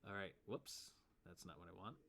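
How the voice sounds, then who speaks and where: A man's voice: sits low, expressive, moderate pace, a bit bright. A man narrating as game master of a tabletop game, laid-back, chuckling and counting out movement.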